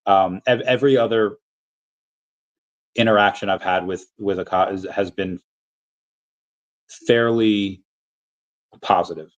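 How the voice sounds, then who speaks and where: A man's voice: fairly low pitch, fairly even intonation, measured pace, long pauses, muffled recording. An American man with a rambling manner, full of restarts and fillers, chatting casually on a livestream while answering viewers. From United States. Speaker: livestream host answering chat.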